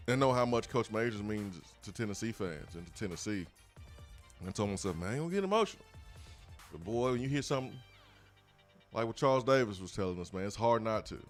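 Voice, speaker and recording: A man's voice: fairly low pitch, a little fast, soft background music. A man, hosting a morning sports talk show in an earnest, moved way and repeating words. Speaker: sports radio host.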